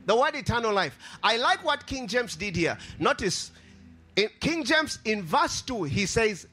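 Man preaching, high bright voice, sing-song cadence, faint music underneath. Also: big pitch swings, unhurried, breathy edge. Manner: impassioned, sing-song cadence, repeats phrases. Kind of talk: sermon.

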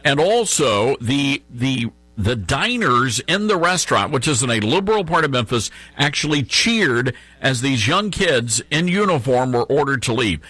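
A man's voice: medium pitch, sing-song, moderate pace, bright, forceful tone, no echo. A middle-aged man hosting a conservative talk radio show from a studio, sarcastic and mocking. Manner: sarcastic, mocking asides with chuckles. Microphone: studio microphone.

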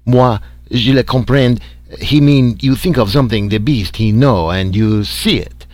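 A man voicing an excitable male French crewman who speaks halting broken English with a French accent. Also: mid-range voice, dry recording, close to an everyday voice. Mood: eager.

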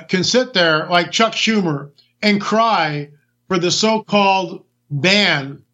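A man with a high, bright, tense voice rants through a political talk monologue, hammering each point and throwing out rhetorical questions. The sound is dull and lo-fi, with the top end rolled off. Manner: ranting, emphatic, rhetorical questions. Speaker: talk radio host.

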